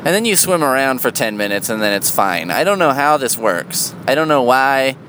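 A man in a casual, rambling monologue, sardonic and full of swearing, jumping into a high, loud voice for emphasis. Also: very animated, normal speed, a little hiss or hum.

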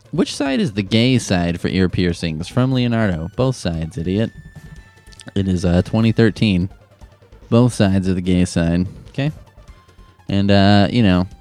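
Comedic advice host, young man, profane deadpan-sarcastic delivery, dark mellow tone. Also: fairly low pitch.

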